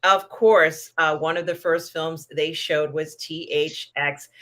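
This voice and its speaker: A woman's voice: low-pitched, fairly even intonation, slow, sharp tone. A woman hosting a casual live pop culture chat, rambling with lots of fillers and giggles. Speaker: host.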